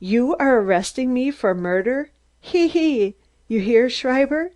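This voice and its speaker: A woman reading an audiobook, voicing a stunted, excitable man who rants in shrill, staccato bursts. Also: normal speed, close to an everyday voice. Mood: gloating. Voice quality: shrill, squeaky. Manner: screaming, staccato, gloating.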